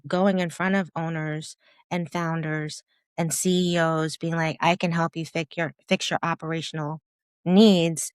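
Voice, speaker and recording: A woman in her fifties, a guest in a candid interview, telling her story in an animated way and acting out her own past thoughts with laughter. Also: lowish voice, smooth, dry recording, studio quality. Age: 50s. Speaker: podcast guest, business founder.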